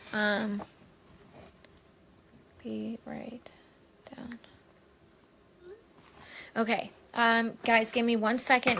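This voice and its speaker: A woman's voice: a little high, a bit bright, a little hiss or hum. A woman hosting a casual live stream as a spiritual medium, chatting and rambling with lots of fillers, recorded at home on a webcam. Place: home, Maui.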